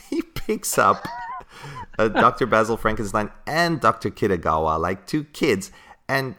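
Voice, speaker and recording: Deep-voiced male podcast host, casual and chatty, laughs often. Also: very animated, a little slow, pushed and bright, slight background noise. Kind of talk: casual chat about comics.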